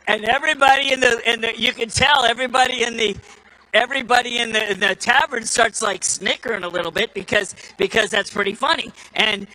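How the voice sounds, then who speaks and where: Man, live audience speech, folksy storyteller, repeated restarts, high-pitched, very bright tone. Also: steady tone, a little fast, low-quality recording. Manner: folksy, repetitive restarts, acts out quoted voices. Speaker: speaker at a political summit.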